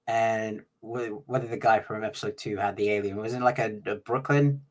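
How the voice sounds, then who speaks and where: A man co-hosting a podcast, chatting casually in a halting way, pausing and restarting as he thinks. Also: on the low side, steady tone. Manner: halting, full of fillers and restarts. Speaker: podcast co-host.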